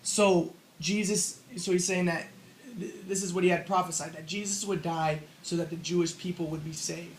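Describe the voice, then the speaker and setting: A man with a rather high voice lays out his own theory in a relaxed, spoken lecture. He retells the story loosely and thinks aloud as he goes. A faint hiss of noise sits under his voice. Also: normal speed. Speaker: self-published theorist explaining his model.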